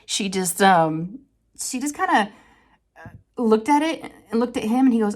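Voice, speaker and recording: A woman, chatting casually to her viewers and telling an animated family story with frequent laughter. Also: moderate pace. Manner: chatty, animated, laughs often, quotes people in higher voices. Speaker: crafting channel host.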